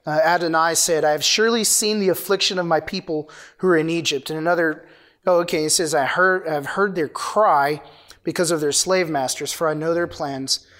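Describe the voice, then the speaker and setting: A man delivers a relaxed, conversational sermon, his voice sitting a little high. He reads scripture aloud and breaks off into playful asides, like a friendly preacher talking with his congregation. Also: moderate pace. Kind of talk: informal sermon.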